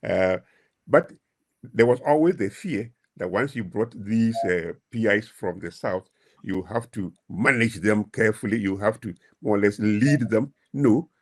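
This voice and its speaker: Panelist, male, low husky voice, measured with frequent pauses, video call. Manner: measured, many hesitations. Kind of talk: webinar panel talk.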